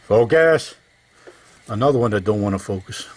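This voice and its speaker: A fairly low, animated male voice at normal speed narrates this casual workshop vlog. The older home mechanic talks folksily to viewers as he works on an engine, rambling between thoughts.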